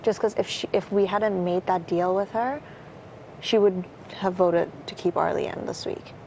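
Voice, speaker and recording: A woman's voice: medium pitch, fairly even intonation, moderate pace, darkish tone, a little hiss or hum, low-quality recording. A young woman talking strategy in a casual, rambling way, full of fillers and swearing. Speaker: reality show contestant.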